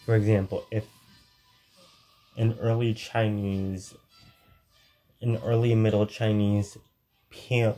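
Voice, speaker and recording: A man giving an unscripted explanation of language history, halting often, correcting himself and stopping to search for the right word. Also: lowish voice, mellow.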